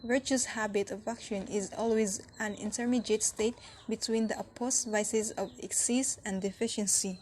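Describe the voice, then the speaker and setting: A woman's voice: medium pitch, steady tone, normal speed, hardly any pauses, background noise. A woman presenting a school lesson, reading scripted text, with section headings said with a lift. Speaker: student presenter.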